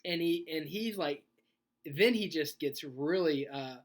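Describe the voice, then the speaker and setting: A man speaking as a youth pastor in a sermon video. He talks in a conversational, animated way and tells a personal story, laughing as he goes. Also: a little high, a little slow. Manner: conversational, animated, laughs while telling stories.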